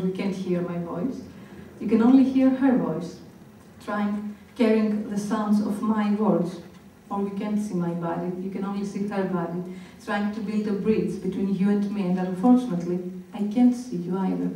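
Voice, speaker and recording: A woman performing a spoken-word piece on stage, speaking slowly and deliberately with long pauses. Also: medium pitch, fairly even intonation, warm tone, a little hiss or hum. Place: performance hall. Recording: very echoey hall, voice picked up from far off.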